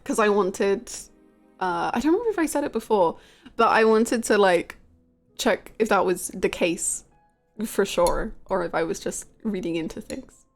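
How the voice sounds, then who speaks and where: A woman's voice: medium pitch, lively intonation, normal speed, faint music behind. A woman streaming a game live, chatting casually with her viewers in a giggly, rambling way.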